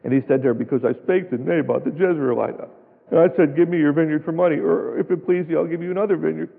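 A man's voice: fairly high pitch, fast talker, vocal fry, breathy edge. A man preaching a sermon in a church, folksy and emphatic, with many rhetorical questions. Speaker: pastor. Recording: tinny phone-like sound, long hall reverb.

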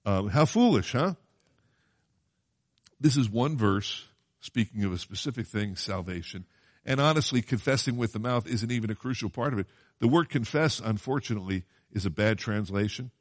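Guy preaching a bible sermon, kinda low voice, talks it through casual and asks the room questions a lot. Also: lively intonation, normal speed. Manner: conversational, asks the congregation questions; quotes scripture in old-fashioned wording.

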